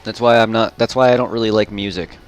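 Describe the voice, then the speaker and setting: A man's voice: lowish voice, fairly even intonation, fast, soft background music. A man chatting casually while streaming a game, rambling and repeating himself. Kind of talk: casual chat while gaming.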